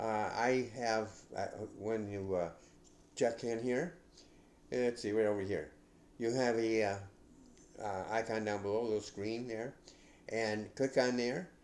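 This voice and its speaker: An older man hosting a podcast, giving casual advice in a rambling, halting way with many restarts. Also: medium pitch, a little mellow, echoey room. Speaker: podcast host.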